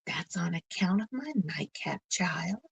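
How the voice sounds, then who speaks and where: A woman voicing a sly, scheming wolf who talks in a smooth, coaxing, falsely friendly way. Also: on the low side, lively intonation, a little slow, exaggerated voice, low-quality recording.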